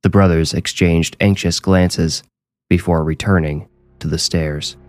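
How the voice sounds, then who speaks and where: A man, the author, reading his own horror story in a measured, low-key way. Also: fairly even intonation, darkish tone. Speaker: author and narrator. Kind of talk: scripted horror narration.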